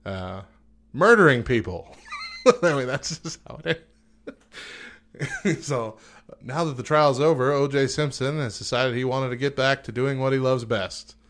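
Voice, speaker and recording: A man's voice: medium pitch, a little slow, slight background noise. A man co-hosting a morning radio show, joking and laughing often in casual banter.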